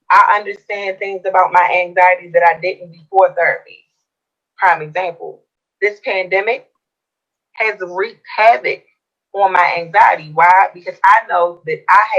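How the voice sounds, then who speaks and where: A woman's voice: on the low side, a bit bright, lo-fi sound. A woman co-host earnestly explaining her views in a talk show discussion.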